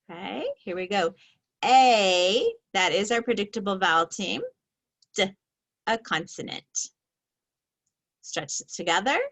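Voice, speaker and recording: A woman leads a phonics lesson at a very unhurried pace and draws each sound out slowly and clearly. Her pitch sits in the middle, and her delivery stays patient and steady. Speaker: reading teacher.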